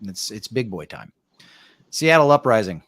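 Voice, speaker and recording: A man talking paintball on a podcast panel, analyzing teams in a relaxed, conversational way. He fills pauses often and tags lines with "right?". The recording is dry and close, with no room sound. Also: lowish voice, no room sound. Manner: conversational, tag questions, frequent fillers. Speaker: paintball coach and show panelist.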